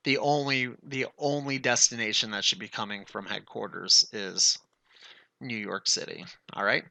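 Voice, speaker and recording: Man, tech tutorial instructor, casual and chatty, thinks aloud, gravelly voice, dry sound. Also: on the low side, steady tone, moderate pace, bright, forceful tone, no room sound. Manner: chatty, thinks aloud, addresses viewers as guys.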